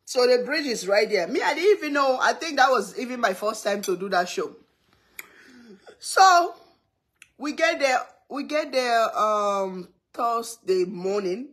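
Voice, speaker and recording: Lady vlogging, slightly high voice, chatty story full of laughs. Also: measured pace. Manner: animated, laughs often, acts out others shouting. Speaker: cooking vlogger. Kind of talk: casual storytelling.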